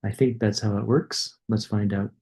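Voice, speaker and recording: A man's voice: fairly low pitch, flat delivery, moderate pace, a little mellow. A man giving a coding lecture, casually thinking aloud and demonstrating code as he goes.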